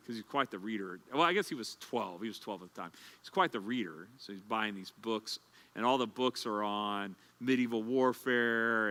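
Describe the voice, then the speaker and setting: A man's voice: fairly low pitch, pushed and bright. A male pastor teaching a Bible study in a conversational, anecdotal way, with frequent filler words.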